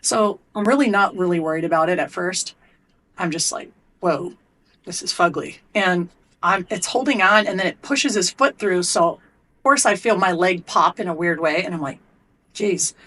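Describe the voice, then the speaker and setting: A middle-aged woman speaks as a podcast guest, her voice a little lower than most. She tells her story bluntly, animated and full of profanity. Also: moderate pace. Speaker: guest, athlete and coach. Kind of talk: candid storytelling in a podcast interview.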